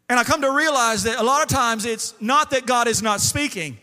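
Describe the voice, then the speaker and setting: High bright-voiced preacher in a big hall. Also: male voice, a little fast, few pauses. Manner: lively storytelling with acted quotes. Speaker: pastor. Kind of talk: sermon. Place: church sanctuary. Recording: long hall reverb.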